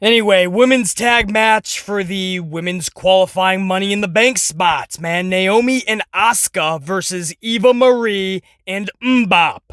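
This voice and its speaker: A man rants through his wrestling commentary with sarcasm and a steady stream of profanity. His voice is bright and sharp, recorded dry and close. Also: high-pitched, measured pace, hardly any pauses, clean tone, no room sound. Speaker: podcast host.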